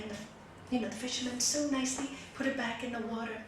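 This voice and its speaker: A woman yoga teacher giving a spiritual talk to a group, chatty and animated, telling a fable. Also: on the high side, quick pace. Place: meditation group's meeting room. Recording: echoey room, distant mic, background noise.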